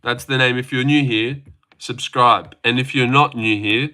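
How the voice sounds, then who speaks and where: A man's voice: mid-range voice, steady tone, a little slow, pushed and bright. A man hosting a live stream, reading chat messages aloud and answering with crude jokes and boasts. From Australia.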